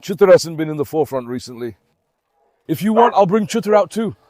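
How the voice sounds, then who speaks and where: Excitable high-voiced man scolding dogs. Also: fairly quick, dry recording, clean studio sound. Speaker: dog owner and channel host. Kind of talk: casual vlog commentary. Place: outdoor garden with dogs.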